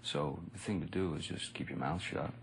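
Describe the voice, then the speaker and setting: A man recounting anecdotes in a relaxed interview, rambling and laid-back with frequent "you know" and chuckles. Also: rumbling low, moderate pace, gravelly, slight background noise. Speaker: actor recalling a colleague. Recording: music bed under speech.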